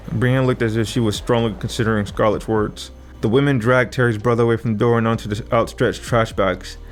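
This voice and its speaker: A man's voice: medium pitch, steady tone, a little fast, slight background noise. A man narrating a first-person thriller audiobook with vivid, dramatic storytelling.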